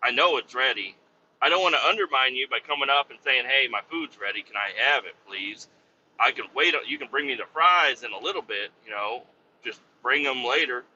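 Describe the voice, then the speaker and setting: A man's voice: mid-range voice, fairly quick, bright, forceful tone. A man telling a rambling story in a casual, exasperated way, swearing freely. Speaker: podcast host. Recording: dull, slightly lo-fi sound with faint noise.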